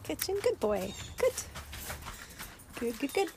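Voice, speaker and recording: A woman talking softly to her dog in a coaxing, praising way, first outdoors in the rain and then heading indoors. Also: high-pitched, big pitch swings, takes it slowly, vocal fry, noisy background. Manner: soft, coaxing pet talk with frequent praise. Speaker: podcast host. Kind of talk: casual talk to her dog.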